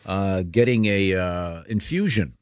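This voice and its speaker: A man's voice: sits low, a little slow, smooth, dry recording, clean studio sound. A man hosting a morning radio show, chatting in an easygoing, rambling way with fillers. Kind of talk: casual morning radio banter.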